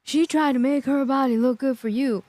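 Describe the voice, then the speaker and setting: A woman hosting a reaction livestream, animated and laughing often as she talks to her chat. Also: sits high, moderate pace. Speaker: livestream host.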